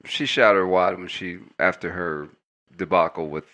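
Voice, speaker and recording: A man co-hosting a casual podcast panel chat, telling gossip in an animated way. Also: low voice, moderate pace. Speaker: podcast co-host.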